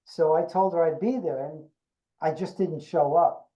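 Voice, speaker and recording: An older man, an actor being interviewed, tells an anecdote with animated delivery and acts out the dialogue. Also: a little high, a little slow, rough recording. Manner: animated storyteller acting out quoted dialogue. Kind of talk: storytelling anecdote.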